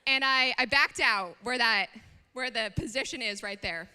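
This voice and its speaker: A young woman gives a youth talk and tells her own story in a chatty, animated way, with plenty of fillers. Her voice is very bright and slightly high. She is recorded in a large hall with a long reverb. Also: moderate pace, smooth. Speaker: student speaker.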